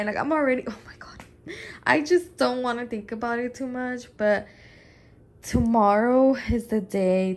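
A woman's voice: mid-range voice, gravelly. A young woman talking casually in a home vlog, chatty and emotional, often saying y'all. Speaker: vlogger.

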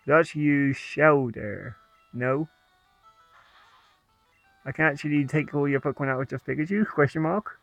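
Unhurried and pausing often, this man's slightly high voice carries vocal fry as he casually comments on the video game he's playing. He's a playful, talkative let's-play gamer who laughs at his own jokes, recorded without echo and with faint background music in dull lo-fi sound.

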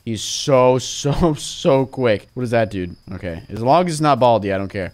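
A young man giving excitable game commentary, swinging from hushed muttering to frantic yelling. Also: mid-range voice, normal speed, hardly any pauses, clear, resonant tone. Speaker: gaming YouTuber.

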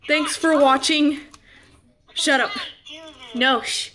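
A woman's voice: sits high, slow pace, long pauses, slight background noise. A young woman filming a crafting vlog, flustered and laughing at her own slip-ups. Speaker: crafting vlogger. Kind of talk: casual blooper vlog.

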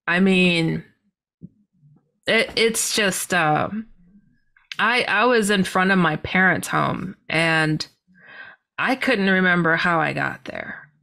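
Bright, animated woman telling a story. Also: takes it slowly, vocal fry, pauses often. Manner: expressive, acts out her own past lines with big pitch jumps and laughter. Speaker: podcast guest.

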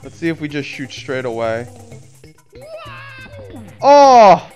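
A man from Florida streaming a video game live, casually chatting with viewers, swearing and breaking into excited outbursts. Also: medium pitch, fairly quick, highs cut off, over music.

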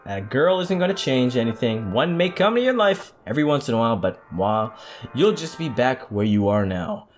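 A woman's voice: mid-range voice, very animated, a little fast, soft background music, close to an everyday voice. A woman voicing a cruel, mocking woman on a blind date in a horror game, reading the lines aloud with cold contempt.

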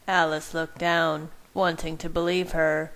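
A woman narrating a first-person fan fiction story in a soft, measured way. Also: low voice, little pitch movement, rough recording.

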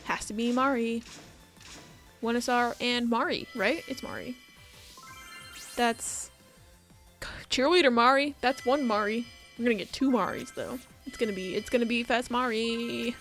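A woman's voice: a little high, a little slow, long pauses, a bit bright, soft background music. A woman doing casual commentary on her game pulls, chatty, begging for good luck and swearing when it fails. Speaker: gaming YouTuber. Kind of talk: casual gacha pull commentary.

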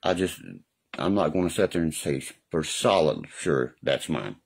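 A man's voice: a bass voice, animated, normal speed, creaky, husky. A man talking casually on a live stream in a rambling, profane way, often asking if you know what he means. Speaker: livestreamer. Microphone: phone or webcam on a live stream.

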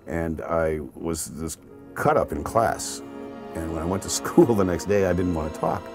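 A man being interviewed, telling a wry, self-mocking anecdote with jokes. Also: deep voice. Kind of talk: humorous anecdote.

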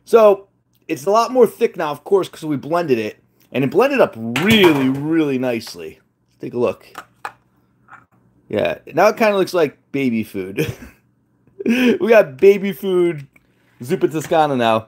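A man with a high-pitched voice hosts a cooking challenge from his home kitchen. He chats with his live viewers in a joking, self-deprecating way, and faint clattering dishes can be heard behind him. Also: big pitch swings, a little slow, pauses often, a little mellow, a little hiss or hum. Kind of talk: casual live-stream chat.

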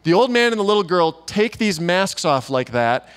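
Higher-voiced man preaching casually. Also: very animated, normal speed, clean tone. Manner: informal, chatty, many fillers and asides. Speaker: guest preacher. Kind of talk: conversational sermon with storytelling. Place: church gathering.

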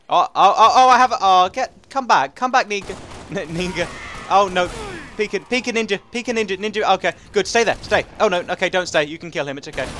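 Excitable young Englishman, quick high voice. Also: a little hiss or hum. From England. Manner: excitable, rambling, chatty, laughs often. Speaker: gaming commentator. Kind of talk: casual gameplay commentary.

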